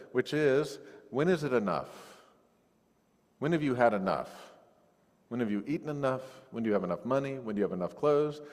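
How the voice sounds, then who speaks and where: A male pastor giving a sermon in a conversational, lively way, recorded over a video call. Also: fairly low pitch, long reverb tail. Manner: conversational, animated when acting out quoted voices. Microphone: recorded via video call.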